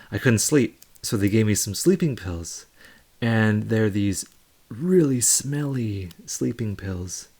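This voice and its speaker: A young man hosting a live stream, telling a loose, rambling story in casual chat with many fillers. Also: lowish voice.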